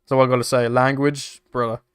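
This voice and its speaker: A man's voice: mid-range voice, level tone, a little fast, smooth, dry recording, studio quality. A young British man chatting casually on a live stream, laughing often and swearing freely as he reacts to chat. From United Kingdom. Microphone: desk microphone.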